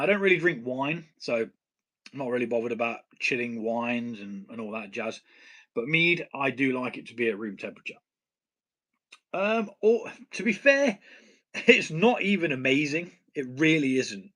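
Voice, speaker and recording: A man's voice: mid-range voice, lively intonation, normal speed, bright, forceful tone. A man with a British accent hosting a casual home brewing live stream, blunt and swearing casually, laughing at himself. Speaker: home brewing channel host.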